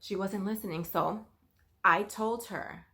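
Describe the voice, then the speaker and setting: A woman talks straight to her viewers in a relaxed vlog, telling a story about her work as a nanny. Her voice sits at a middle pitch. She talks loosely and conversationally, with plenty of fillers. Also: slow. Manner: chatty, storytelling, with frequent fillers like "like" and "you know".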